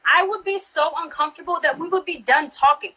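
High, bright, confrontational woman from Texas. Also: fairly quick, low-quality recording. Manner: confrontational, profane, insistent. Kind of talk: heated live-stream argument.

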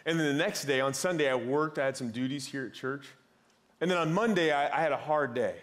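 A man's voice: a little high, fairly quick. A man in his thirties preaching a sermon in a conversational way, often repeating words as he goes. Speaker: pastor. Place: church.

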